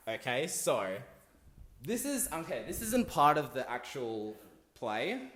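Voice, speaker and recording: Tipsy young male storyteller, slangy and rambling, average pitch. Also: big pitch swings, takes it slowly, roomy sound. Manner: rambling, slangy, loud asides. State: drunk. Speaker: comic storyteller. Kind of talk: casual comic retelling of a play.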